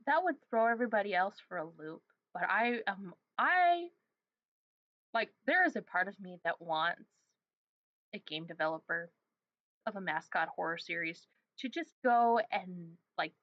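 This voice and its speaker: A woman hosts a casual conversation, with a relaxed and playful delivery and plenty of hesitant fillers. Her voice sits in a middling pitch. It is recorded close and dry, with a slightly dull, muffled tone. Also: dry recording. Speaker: podcast host. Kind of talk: casual chat.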